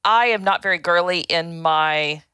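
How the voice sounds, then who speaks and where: A woman's voice: on the low side, unhurried, pushed and bright, clean tone, no echo, studio quality. A woman co-hosting a talk show, speaking frankly and matter-of-factly in casual chat. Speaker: co-host.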